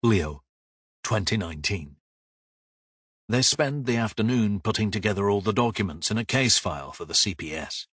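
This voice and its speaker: A man reading a crime audiobook in calm, even narration. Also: on the low side, moderate pace, husky, no echo, clean studio sound. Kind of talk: scripted narration.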